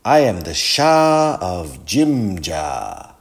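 A man voicing a boastful shah who is a rich suitor, in a storybook reading, speaking slowly and grandly. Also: deep voice, wildly swooping pitch, gravelly, heavily acted. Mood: pompous.

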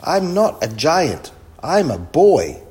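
A man's voice: mid-range voice, expressive, slow pace, warm tone. A man voicing a frightened little boy in a storybook reading. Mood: upset. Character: small boy, frightened then kind.

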